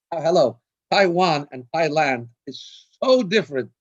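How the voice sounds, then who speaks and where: Rabbi telling a funny story, fairly high voice. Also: male voice, expressive, moderate pace. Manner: anecdotal, laughing at his own jokes. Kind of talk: storytelling on a video call. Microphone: video call. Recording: dull lo-fi video call audio.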